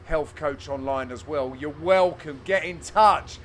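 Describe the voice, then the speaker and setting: A man giving a cheeky, jokey, self-mocking voice-over commentary on amateur match footage, with bursts of excitement. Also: a little high, measured pace, slight background noise. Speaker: channel host and commentator.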